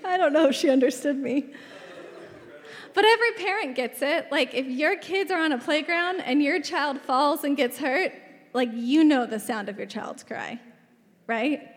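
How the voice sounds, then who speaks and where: A woman's voice: high-pitched, moderate pace. A woman in her thirties preaching a sermon, chatty and storytelling, often laughing as she talks. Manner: chatty storytelling, laughs often, drops to a whisper in tender moments. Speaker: pastor. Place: large church hall. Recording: long hall reverb.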